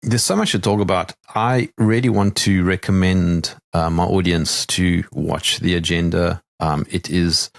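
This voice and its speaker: A man from South Africa hosting a casual interview over a video call, animated and quick to laugh. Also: low voice, vocal fry, dry recording, studio quality. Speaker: podcast host.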